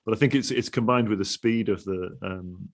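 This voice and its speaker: Male host, a bit low-pitched, rambling and relaxed. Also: normal speed. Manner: rambling, many restarts, laughs often. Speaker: podcast host. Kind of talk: casual interview talk.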